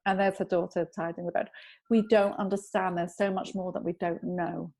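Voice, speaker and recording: A woman guest on a podcast, calmly explaining a self-help technique and telling anecdotes in an instructive way. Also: lowish voice, moderate pace, vocal fry. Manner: calm, instructive, tells anecdotes. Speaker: EFT tapping practitioner, guest. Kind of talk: explaining in an interview.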